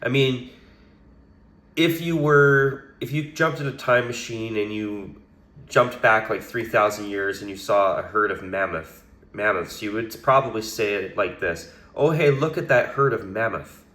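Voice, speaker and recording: A man with a hoarse, raspy voice from a cold, giving rambling solo commentary on a sports topic with frequent restarts. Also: fairly low pitch, fairly even intonation, a little slow, pushed and bright, reverberant. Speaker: hockey commentator.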